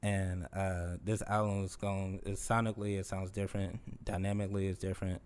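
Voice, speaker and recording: A young man, a rapper, talking casually in an interview in a laid-back, unhurried way, with many pauses. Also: low voice, flat delivery, darkish tone, clear, resonant tone. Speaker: rapper guest.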